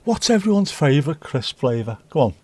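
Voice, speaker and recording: A man's voice: a little high, sing-song, fairly quick, darkish tone, dry recording. A middle-aged man, hosting a livestream and rambling casually while reading out viewer comments. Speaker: livestream host. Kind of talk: casual chat.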